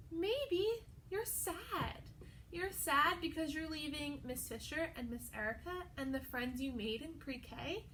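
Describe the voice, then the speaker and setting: A young adult woman teaching a video lesson to young children, talking in a slow, sing-song, encouraging way. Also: extremely high pitch, sharp tone, slight background noise. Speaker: pre-K teacher.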